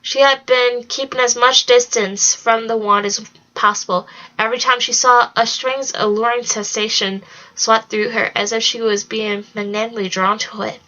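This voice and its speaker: A woman reading a storybook aloud in an even, steady way. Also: on the high side, normal speed, highs cut off. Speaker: reader. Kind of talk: storybook read-along narration.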